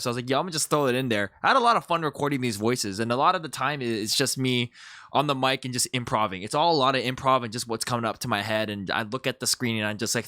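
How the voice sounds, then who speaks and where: A young man chatting casually as he reviews his own comedy video, animated and full of restarts. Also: medium pitch, no room sound, clean studio sound. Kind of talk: casual commentary.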